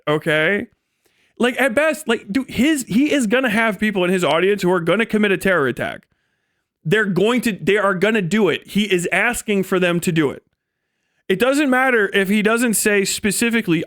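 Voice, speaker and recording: A man rants on a livestream in a high, heated voice, cursing freely. He is recorded close and dry, with no room sound. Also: lively intonation, moderate pace, a bit bright, no echo. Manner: profane, heated, swings into mocking impressions. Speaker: livestream host. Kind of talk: ranting livestream commentary.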